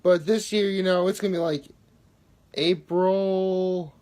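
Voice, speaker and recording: A man's voice: sits high, fairly even intonation, fast, darkish tone. Rambling young man vlogging casually. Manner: rambling, many fillers and self-corrections. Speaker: daily vlogger. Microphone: phone held in hand.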